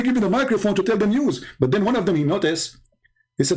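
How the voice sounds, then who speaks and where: Male channel host, higher voice, sarcastic storyteller with a teasing edge. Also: fast talker, slightly rough. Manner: sarcastic, animated, jokey. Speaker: host of a live debate channel. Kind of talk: mocking storytelling monologue.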